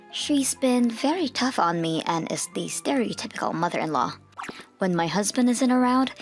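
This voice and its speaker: A young woman narrating a dubbed manga story in an earnest, first-person storytelling manner. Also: on the low side. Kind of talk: scripted manga dub narration.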